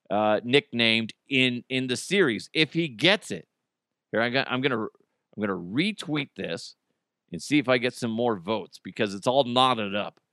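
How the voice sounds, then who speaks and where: Lively, joking male podcast host. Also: medium pitch, no room sound, clean studio sound. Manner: jokey, profane, riffing, reads live ad. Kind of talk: casual solo podcast talk.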